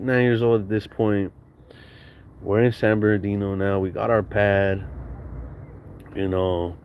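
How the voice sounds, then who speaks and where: This podcast guest from Southern California has a lowish, darkish voice, recorded with a little hiss or hum. He recounts childhood stories in casual, slangy, profane talk, laughing often.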